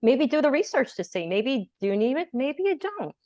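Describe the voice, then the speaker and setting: A woman guest in an interview, telling her story in a lively way and acting out what people said. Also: high voice, moderate pace, no room sound, clean studio sound. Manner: animated storyteller, acts out quotes. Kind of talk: conversational interview.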